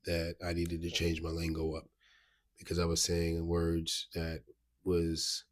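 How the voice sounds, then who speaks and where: Man, low husky voice, monotone, rambling storytelling. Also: a little slow. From Baltimore, USA. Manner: rambling, restarts, frequent "you know what I mean". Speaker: vlogger. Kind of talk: casual storytelling to camera.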